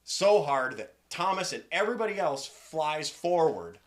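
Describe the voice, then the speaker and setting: A man's voice: a little high, very animated, moderate pace. A man narrating a tabletop role-playing game as game master, telling the story in a hesitant, unscripted way with frequent restarts.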